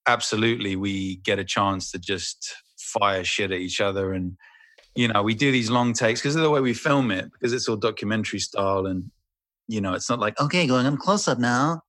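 A man's voice: on the low side, brisk, fairly bright tone, dry recording. A man, an actor, telling rambling, crude anecdotes with swearing in casual chat. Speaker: actor guest.

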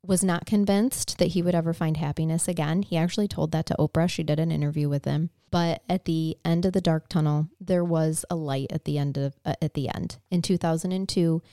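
A woman's voice: low-pitched, fairly even intonation, brisk, few pauses, dark tone, no echo, studio quality. A woman co-hosting a casual true-crime podcast, telling the story plainly and with feeling, swearing now and then. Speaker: podcast co-host.

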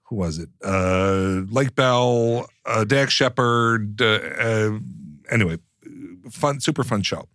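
A man's voice: on the low side, fairly bright tone, no echo, clean studio sound. A man co-hosting a podcast in casual chat, telling stories in a gushing way and often laughing. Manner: gushing, storytelling, quick to laugh, restarts sentences. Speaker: podcast co-host and former cast member.

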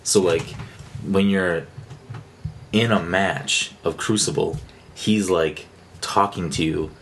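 Low-voiced, rambling podcast co-host man. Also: slow pace. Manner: rambling, excitable, many fillers and restarts. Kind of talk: casual chat. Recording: faint background noise.

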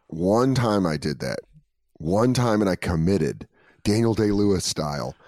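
A comedian guest from Colorado telling loose, joking stories with plenty of swearing in a casual podcast chat. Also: male voice, low-pitched, lively intonation, unhurried, a little mellow, no echo, studio quality. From Colorado, USA. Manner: swearing, storytelling, jokey.

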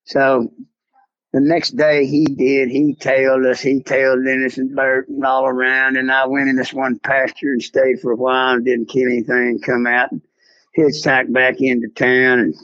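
A man's voice: medium pitch, little pitch movement, moderate pace, a bit bright, no room sound. Older texan guy spinning a yarn, dry close sound, kinda dull lo-fi audio. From South Texas. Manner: drawling, rambling storyteller, acts out voices in quotes. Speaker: guest. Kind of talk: storytelling in an interview.

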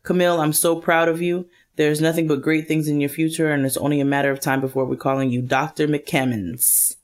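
A woman's voice: deep voice, level tone, brisk. Playful woman podcast co-host. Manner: playful, laughs often, jokes while reading. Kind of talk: casual chat, reading listener emails.

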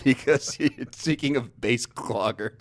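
A man's voice: medium pitch, slow pace. A man hosting a podcast, chatting casually with a guest, teasing him and repeating himself. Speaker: podcast host. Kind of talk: casual chat.

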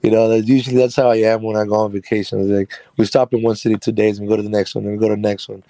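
Man, interview guest, low mellow voice, rambling casual storytelling, laughs often, dry close sound. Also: flat delivery, rapid-fire, no echo. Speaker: guest, carpentry business owner.

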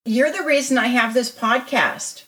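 A woman hosting a podcast, telling a personal story with an animated, expressive delivery. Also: a little high, unhurried, rough recording. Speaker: podcast host. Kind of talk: casual podcast interview.

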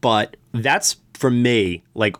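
A man's voice: medium pitch, takes it slowly, no room sound. Casual male film podcast host. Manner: conversational, animated when explaining, frequent fillers. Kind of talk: casual film review chat.

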